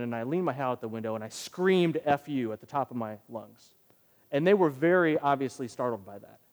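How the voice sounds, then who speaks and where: A man preaching as pastor, his voice sitting a bit high. He recounts a story with lively, animated emphasis. The sound carries a long reverb from a large hall. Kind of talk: sermon.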